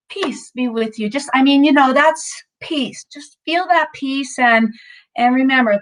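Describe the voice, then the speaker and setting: A fairly high-voiced woman guides a mindfulness class in loose, upbeat chatter. She fills her talk with ums and restarts and sounds a little out of breath at times. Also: fairly bright tone. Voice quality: chatty, upbeat, self-interrupting with many fillers. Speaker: mindfulness instructor. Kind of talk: casual guided mindfulness session.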